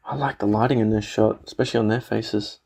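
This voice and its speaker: A man's voice: fairly low pitch, gravelly, mellow, breathy edge. A man giving a casual movie reaction commentary, laughing often, swearing and filling with "like" and "you know".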